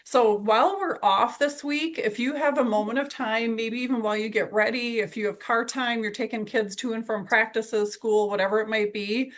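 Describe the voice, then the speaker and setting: A woman's voice: on the high side, steady tone, moderate pace, hardly any pauses. A woman leading a weekly sales team call, upbeat and encouraging as she recaps a coaching session. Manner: enthusiastic, encouraging.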